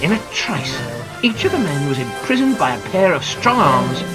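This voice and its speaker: A man reads a children's adventure story aloud in a dramatic, highly expressive manner. His voice sits high for a man and swoops widely in pitch. Clear music plays under the narration. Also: normal speed, low-quality recording. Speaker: audiobook narrator.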